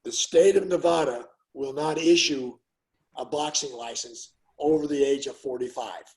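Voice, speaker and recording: A man's voice: medium pitch, normal speed, poor audio. An older man, a former fighter, telling stories in a casual interview and acting out what people said. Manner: animated storyteller, acts out quotes loudly.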